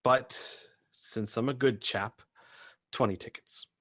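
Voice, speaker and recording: A man voicing an excitable male market shopkeeper who believes in a prophecy and talks theatrically. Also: mid-range voice, takes it slowly. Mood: haggling. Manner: theatrical, swings from grand proclaiming to pushy haggling.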